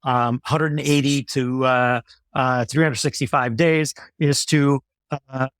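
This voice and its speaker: A male company executive explaining his ideas in a business interview, in a measured way with many fillers and restarts. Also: mid-range voice, steady tone, a bit bright, clean tone, no room sound, clean studio sound.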